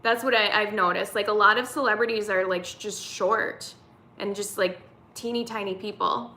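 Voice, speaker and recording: A woman's voice: mid-range voice, steady tone, moderate pace, bright, forceful tone, roomy sound. A woman in her thirties hosting a casual live-stream chat, reading viewer comments aloud and answering them. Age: 30s.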